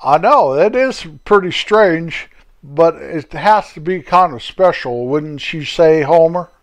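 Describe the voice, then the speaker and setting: A man voicing a patient, sensible old country man who calmly corrects his friend. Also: a little high, takes it slowly. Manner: calm, gently correcting.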